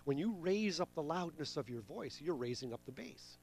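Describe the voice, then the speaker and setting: A man on a radio talk show explaining how hearing works, animated and given to acting out sounds with his voice. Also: mid-range voice, normal speed. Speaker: hearing expert guest.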